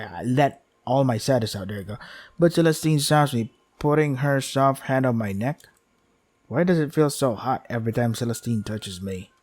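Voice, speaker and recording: A man's voice: medium pitch, darkish tone. A man reading a visual novel aloud, with wry asides that include swearing. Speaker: game streamer.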